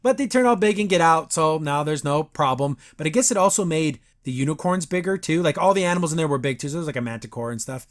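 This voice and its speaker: A man's voice: on the high side, animated, fast talker, hardly any pauses. A man hosting a podcast, casually recapping a cartoon episode in a rambling, sarcastic way. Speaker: podcast host reviewing a cartoon.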